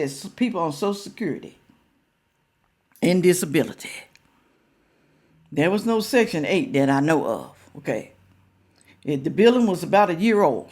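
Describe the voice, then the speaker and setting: Lively-pitched older woman vlogger. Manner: emphatic, asks viewers rhetorical questions. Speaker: reaction vlogger. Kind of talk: casual chat to viewers.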